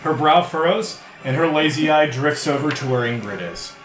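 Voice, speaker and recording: A man's voice: a little high, moderate pace, a bit bright, echoey room, soft background music. A man running a tabletop game as game master, narrating scenes and ruling on rolls with easy laughs.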